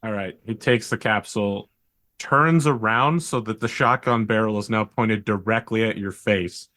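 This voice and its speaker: A man's voice: on the low side, moderate pace, sharp tone. A man narrating as game master, descriptive and joking.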